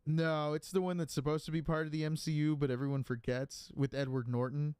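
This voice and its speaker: Male podcast host, casual pop culture chat, sarcastic jokes, slightly high voice, dry close mic. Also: level tone, brisk, a little mellow, clear, resonant tone, no room sound. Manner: joking, sarcastic, many fillers.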